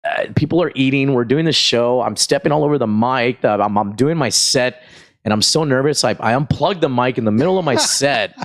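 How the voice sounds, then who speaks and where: Middle-aged man, from South Texas, comedian guest, animated storytelling, average pitch, chatty fillers. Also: a little fast. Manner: animated storyteller, acts out voices, frequent fillers. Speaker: stand-up comedian, podcast guest. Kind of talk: casual storytelling chat.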